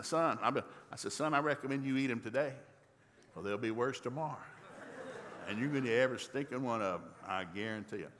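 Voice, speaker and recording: An older man, a pastor from the rural South, tells a family story in a folksy, animated sermon. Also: mid-range voice, in a large hall, a little hiss or hum. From rural American South.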